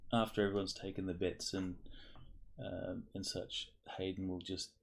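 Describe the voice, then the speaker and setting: Male player, deep and gravelly, halting, long-winded. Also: little pitch movement, a little hiss or hum. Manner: halting, explains plans at length. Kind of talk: tabletop game chat.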